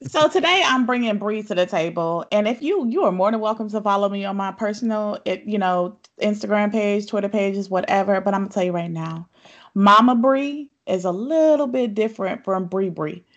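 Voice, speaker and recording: A woman's voice: medium pitch, lo-fi sound. Frank woman in her thirties, guesting on a podcast. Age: 30s. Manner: frank, candid, quick to laugh. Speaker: podcast guest and fellow podcast host. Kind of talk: casual podcast chat.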